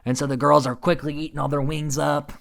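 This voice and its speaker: A man giving a casual, opinionated recap commentary, animated and swearing, with many fillers. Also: on the high side, a little fast, gravelly.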